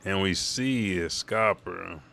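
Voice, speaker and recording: A man's voice: deep voice, slow pace, gravelly, bright, forceful tone, slight background noise. A man casually reading a comic aloud with offhand, profane commentary. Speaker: manga reader and commentator.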